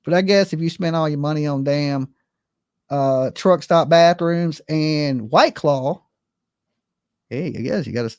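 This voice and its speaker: In an unhurried, clear, resonant voice of fairly high pitch, a male commentary streamer offers casual, profane stories loaded with asides and rhetorical questions. The sound is dry and studio-clean, and his delivery is animated.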